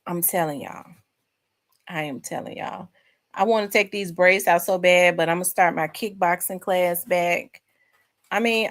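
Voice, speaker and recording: A woman hosting a casual live chat from home, rambling and talking to her viewers. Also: fairly low pitch. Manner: chatty, rambling, addresses viewers as y'all. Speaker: host.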